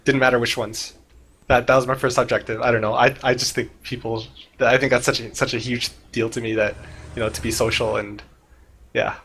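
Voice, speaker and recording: A man co-hosting a casual gaming podcast, speaking in a relaxed way and keeping the show moving. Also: medium pitch, a little fast, slight background noise. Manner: relaxed, pushes the show along.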